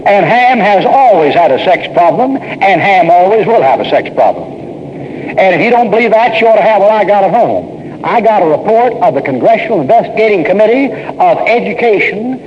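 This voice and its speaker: A man's voice: high-pitched, sing-song, moderate pace, slight background noise. A man preaching a sermon in an emphatic, folksy way, speaking straight to the congregation. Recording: dull lo-fi sermon tape in a reverberant hall.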